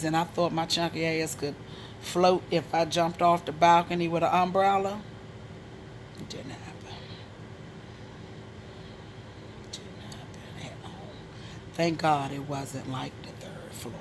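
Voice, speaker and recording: A woman from Maryland casually telling a personal story, animated and frank with profanity, often dropping into a hushed whisper. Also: low voice, moderate pace, slight background noise. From Maryland, USA.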